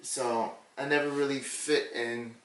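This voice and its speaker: Measured male co-host, hesitant delivery, roomy echo, distant mic. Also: medium pitch, steady tone, a bit bright. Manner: measured, hesitant, asks questions. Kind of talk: casual conversation. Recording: echoey room, a little off-mic.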